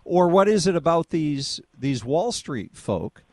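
A man's voice: on the high side, very animated, measured pace, no room sound, clean studio sound. Rambling male talk radio host. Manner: rambling, many fillers and restarts.

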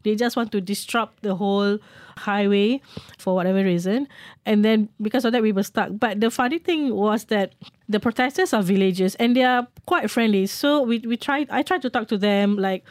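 A middle-aged woman, a guest telling travel stories in a chatty, lively way. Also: medium pitch, normal speed, no echo, studio quality. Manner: chatty, lively anecdotes with fillers. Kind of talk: casual storytelling.

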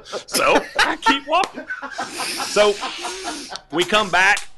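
Man, high bright voice, swooping lively pitch, comic storyteller. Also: takes it slowly, a crowd in the background. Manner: lively, laughing, acts out voices in his story. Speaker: caller telling a story. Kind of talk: animated storytelling.

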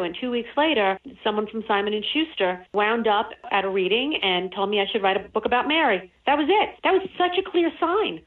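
An earnest woman talking as a phone-in guest about faith, with plenty of "you know"s and repeated phrases. Her voice comes through a thin, tinny phone line at a middling pitch. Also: animated, a little fast, few pauses. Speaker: author and spiritual guest. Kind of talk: radio interview over the phone.

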